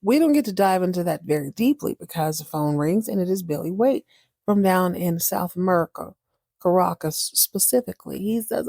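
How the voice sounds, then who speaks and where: A woman's voice: lowish voice, expressive, gravelly, warm tone, no echo, clean studio sound. A woman hosting a podcast, recapping a TV drama in a sassy, playful, joking way and briefly acting out the characters. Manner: sassy and playful, voicing characters in quick bursts. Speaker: podcast host recapping a TV series. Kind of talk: casual comedic recap.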